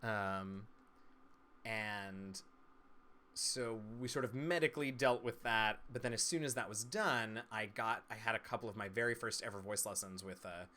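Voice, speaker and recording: A man from East Tennessee, a streamer and game master, in a casual live-stream chat, talking with crisp, trained stage diction in a chatty, playful way. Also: fairly low pitch, moderate pace, sharp tone. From Southern United States, East Tennessee. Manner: chatty and playful, laughs easily.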